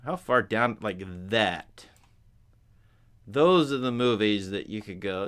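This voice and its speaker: A man's voice: lowish voice, lively intonation, takes it slowly, long pauses, fairly bright tone, clean tone. A man chatting casually to his viewers as a film commentator, rambling with restarts and asides.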